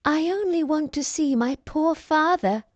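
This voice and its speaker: A woman's voice: sits high, a little slow, dry recording, dull audio, pitched above the performer's own voice. A woman voicing a kind, brave young heroine in a storybook reading, with an earnest lifted tone.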